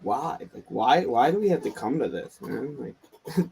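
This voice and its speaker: A man's voice: medium pitch, expressive, unhurried, vocal fry, a little mellow, a little hiss or hum. A man co-hosting a casual sports talk stream, talking in a laid-back, hesitant way with many fillers. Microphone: live stream call.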